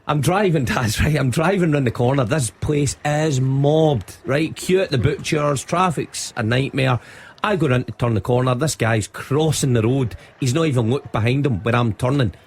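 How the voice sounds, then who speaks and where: A man's voice: mid-range voice, normal speed, few pauses, slightly rough. A Scottish man, a football pundit, telling a funny story on a radio show and laughing as he goes. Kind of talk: animated anecdote on sports radio. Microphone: studio microphone.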